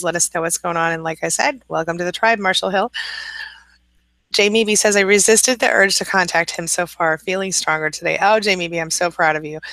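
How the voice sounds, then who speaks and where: A woman's voice: lowish voice, pushed and bright, no room sound. A woman coaching on a live stream, reading viewer comments aloud and answering them encouragingly, now and then scolding her kitten.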